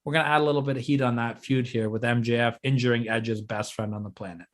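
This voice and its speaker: Speaking fast at medium pitch, another chatty co-host lays out how he'd book his fantasy wrestling show. He's energetic and playfully teasing, explaining each plan in sequence during the casual conversation.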